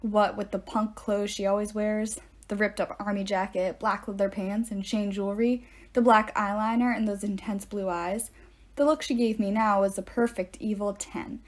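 A woman reading a novel aloud in an expressive way, with deadpan asides. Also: mid-range voice, normal speed. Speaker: narrator. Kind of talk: audiobook-style reading aloud.

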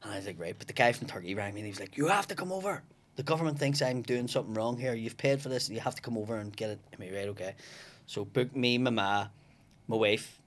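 A fast-talking comedian with a lowish voice guests on a podcast, casually telling a long story full of swearing. He acts out the other people's lines, speaking into a studio podcast mic.

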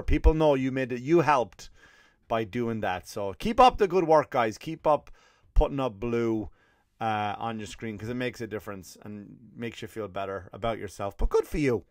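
Sarcastic Irish comedian, rambling solo talk. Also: male voice, on the low side, no room sound, clean studio sound. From Ireland. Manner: sarcastic, rambling, profane, with frequent restarts. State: scratchy throat. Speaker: comedian podcast host. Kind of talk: casual solo comedy monologue.

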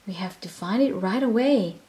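A woman voicing a small, timid male creature in a storybook reading, with a squeaky, fretful voice. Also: lively intonation, moderate pace, mellow, close to an everyday voice. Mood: anxious.

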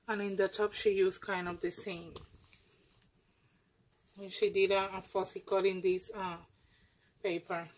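A woman vlogger unboxing craft mail, gushing and effusive, with halting speech and many restarts. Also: mid-range voice, poor audio. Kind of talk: casual happy-mail unboxing.

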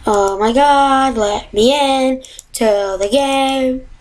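A woman giving casual, excitable commentary while playing a video game at home, often exasperated and yelping at tough jumps. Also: high-pitched, extremely slow, poor audio. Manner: exasperated, excitable, yelps and gasps. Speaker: gamer.

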